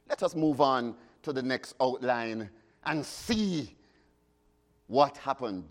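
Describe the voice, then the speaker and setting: A man preaching a sermon, chanting hymn lines and swinging between shouts and hushed words. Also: high voice. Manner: fervent, rises to sudden shouts and drops to hushes.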